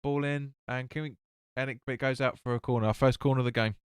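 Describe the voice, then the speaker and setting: Smooth-voiced man commentating a match. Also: mid-range voice, fairly even intonation, quick pace, no room sound, clean studio sound. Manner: chatty, reacts to play and reads out viewer comments. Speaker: fan watch-along host. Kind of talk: live match watch-along commentary.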